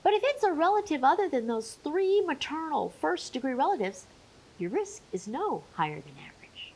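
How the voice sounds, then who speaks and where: Woman with lively, high voice explaining. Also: normal speed, slight background noise, rough recording. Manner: clear, emphatic explaining with playful asides. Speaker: menopause educator. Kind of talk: educational video talk.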